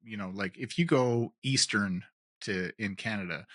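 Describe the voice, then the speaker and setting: A man's voice: fairly low pitch, unhurried, a bit bright. A man hosting a podcast interview, effusive and enthusiastic, laughing often. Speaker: podcast host.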